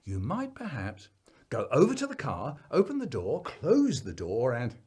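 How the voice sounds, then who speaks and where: A man telling a comic story about his family in an animated, playful way. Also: mid-range voice, a little slow, breathy edge.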